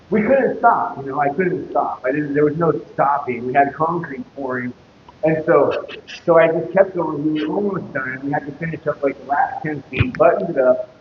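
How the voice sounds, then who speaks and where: A man telling a story on a casual live stream, swearing constantly and rambling. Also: on the high side. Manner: profane, rambling, laughs while telling stories. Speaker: fitness streamer. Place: gym, echoey room. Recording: echoey hall, dull lo-fi sound, noisy background.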